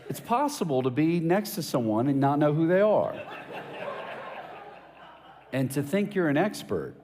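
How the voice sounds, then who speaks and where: A man's voice: fairly high pitch, very animated, unhurried, a little mellow, long reverb tail, a little hiss or hum. A man preaching a sermon as a pastor, telling casual stories with jokes and asking emphatic questions. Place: church hall.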